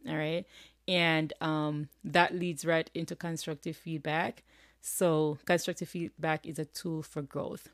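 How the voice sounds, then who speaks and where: Jamaican woman with a low voice, dry sound. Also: no echo. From rural Jamaica. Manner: chatty, frank, with frequent tag questions. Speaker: podcast host. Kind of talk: casual podcast monologue.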